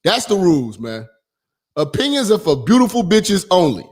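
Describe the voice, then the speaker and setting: A man hosting a call-in radio show, ranting loudly and crudely, rambling, swearing and often breaking into laughter. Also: sits high, big pitch swings, moderate pace.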